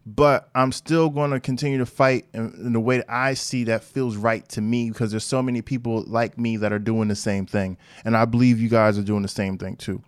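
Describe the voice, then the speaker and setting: A man hosting a podcast, telling a personal story in a loose, slangy, animated way. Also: medium pitch, a little fast, few pauses, smooth, dry recording, clean studio sound. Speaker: podcast host. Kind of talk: casual monologue.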